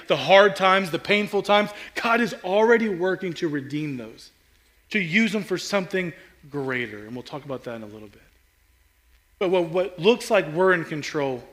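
A man with a bright, slightly high voice preaches a sermon as a pastor. He builds earnest intensity, often circling back and restarting his phrases as he presses each point.

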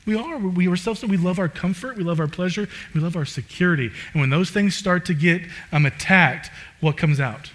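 A man preaching a sermon in a casual, conversational way, full of "like" fillers, swinging from loud emphatic bursts to low quiet asides. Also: fairly quick, few pauses. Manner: animated, rising loud and emphatic then dropping low.

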